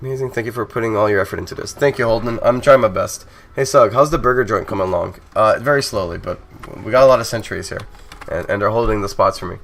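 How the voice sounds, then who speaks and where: A man's voice: fairly low pitch, fast talker, vocal fry, a bit bright. A man streaming his game development, chatting casually with viewers and reading their messages aloud, laughing often. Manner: laughs often, easygoing and self-mocking.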